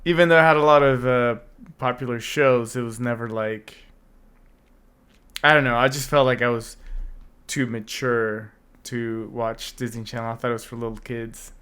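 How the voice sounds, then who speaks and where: A man in his thirties chats loosely on a podcast, his voice hoarse and slipping away. He laughs easily and keeps clearing his throat between rambling stories. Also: mid-range voice, fairly even intonation, moderate pace, fairly bright tone. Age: 30s. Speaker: podcast co-host. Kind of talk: casual chat.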